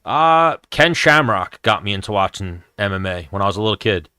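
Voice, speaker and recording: A man's voice: fairly low pitch, expressive, brisk, sharp tone, smooth, no room sound, studio quality. A man, hosting a casual MMA chat stream in a blunt, profane, rambling way. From New York, USA. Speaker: MMA show host answering chat.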